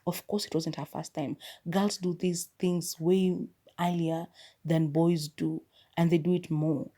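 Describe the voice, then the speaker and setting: A young woman with a fairly low, mellow voice. She talks through a movie review in a casual, chatty way and tells the story expressively as a podcast host. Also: flat delivery, unhurried. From Kenya.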